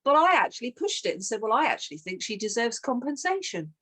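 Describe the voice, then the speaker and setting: A woman's voice: on the high side, very animated, fast, fairly bright tone. A middle-aged woman leading a team coaching session, telling a sales story and acting out both sides of the call.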